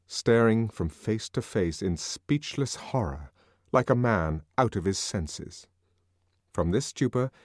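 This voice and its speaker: A man reading a novel aloud as an audiobook narrator, expressive and dramatic. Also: fairly low pitch, dry recording, clean studio sound.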